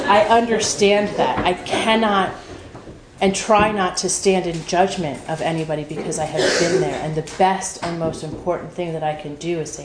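Her voice on the low side and her intonation fairly even, a woman tells her recovery story at a meeting at a moderate pace. She is candid and emotional, curses freely, and fills her speech with fillers; the recording has echo and noise.

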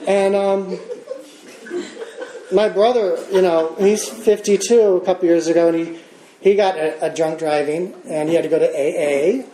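A man's voice: sits high, moderate pace. American man telling his recovery story. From United States. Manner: animated storyteller, acts out quotes, laughs often. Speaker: recovery meeting speaker. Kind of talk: personal recovery testimony. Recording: roomy echoey room.

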